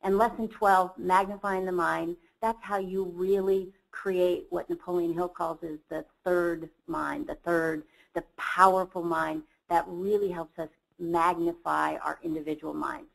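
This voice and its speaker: A woman's voice: lowish voice, little pitch movement, unhurried, vocal fry, rough recording. A woman who is a company chief executive, giving a motivational seminar talk and telling a personal story in an earnest way. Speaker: company CEO presenting a training program.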